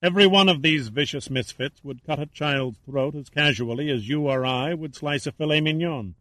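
A man's voice: on the high side, normal speed, pushed and bright, dry recording, rough recording. A man voicing a detached male villain who speaks indifferently. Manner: cool, indifferent.

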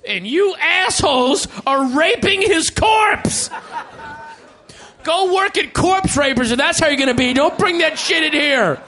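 Casting: man doing an exasperated yelling editor, high and shouty. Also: expressive, a little slow, some chatter behind, full character voice. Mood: furious. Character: ranting stressed male magazine editor.

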